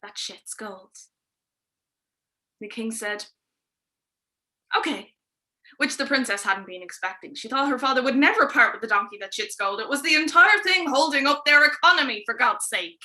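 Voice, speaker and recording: Brief: woman storyteller, bright, slightly high voice, informal with wry asides. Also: animated, brisk, few pauses. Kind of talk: oral storytelling performance on a livestream.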